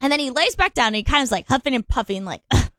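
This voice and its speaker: A woman in her thirties, co-hosting a morning radio show and telling a story in a studio, animated and laughing as she acts out quotes. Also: high-pitched, rapid-fire, no room sound. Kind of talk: casual on-air storytelling. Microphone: studio microphone.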